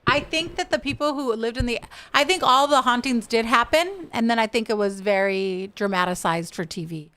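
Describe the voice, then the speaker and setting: A woman's voice: fairly high pitch, expressive, normal speed, hardly any pauses, pushed and bright, clean tone. A woman guest on a podcast, talking frankly and animatedly about spiritual practice, laughing easily. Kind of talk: casual podcast chat.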